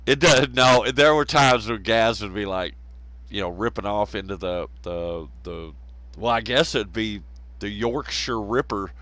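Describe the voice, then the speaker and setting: This live stream host from the American South speaks slowly in a lowish, sharp-toned voice with a Southern American accent. His casual, rambling chat is full of cursing, laughs, and mocking imitations of people. The audio is dry and poor.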